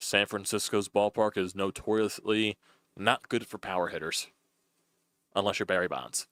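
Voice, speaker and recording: Man, very low pitch, dry sound, casual play-by-play streamer, chatty, swears a lot. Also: steady tone, moderate pace, a bit bright, dry recording. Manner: chatty, loose, swears often. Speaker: sports streamer calling a baseball game.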